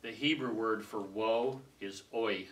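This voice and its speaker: A man leading a casual Bible study group, talking conversationally, laughing easily and trailing off softly. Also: on the low side, slow. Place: small room with a group. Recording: distant mic with faint room noise.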